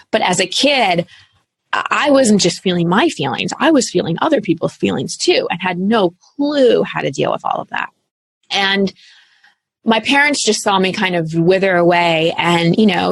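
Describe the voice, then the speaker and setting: A woman in her thirties, a coach speaking as an interview guest, telling her story in an earnest, animated way with casual fillers. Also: fairly low pitch, creaky, slightly rough, no room sound. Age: 30s. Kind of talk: candid interview talk.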